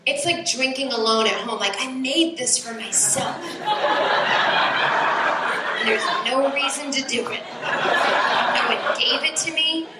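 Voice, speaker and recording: A woman in her forties doing a stand-up set on a club stage, talking in an animated way, swearing and rising to high shouts. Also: a little slow, pauses often. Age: 40s. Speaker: stand-up comedian. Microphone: handheld stage mic into sound board. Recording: echoey club recorded off the sound board, noisy.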